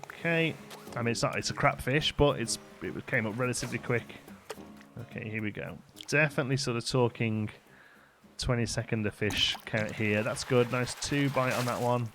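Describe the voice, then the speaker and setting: A man's voice: medium pitch, normal speed, noisy background. A man casually commenting on his own gameplay during a live stream, chatting with viewers and answering their messages. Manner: relaxed, chatty, reads chat aloud and answers it.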